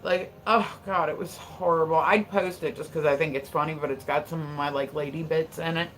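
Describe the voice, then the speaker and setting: A woman's voice: low voice, fairly even intonation, brisk, fairly bright tone, slight background noise. A woman hosting a casual livestream, chatting with viewers in a rambling way, laughing often and swearing freely. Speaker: livestream host.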